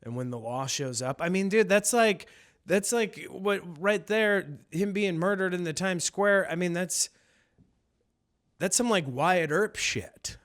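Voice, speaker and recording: A man's voice: high-pitched, a little slow. Rambling, crude-joking man hosting a podcast. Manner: rambling, crude, jokey, swings between loud outbursts and muttering. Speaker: podcast host. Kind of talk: casual solo podcast commentary.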